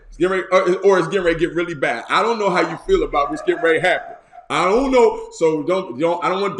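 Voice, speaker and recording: A male pastor preaching a sermon, retelling a story in colloquial slang with lively asides. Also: high-pitched. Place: church. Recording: roomy echo.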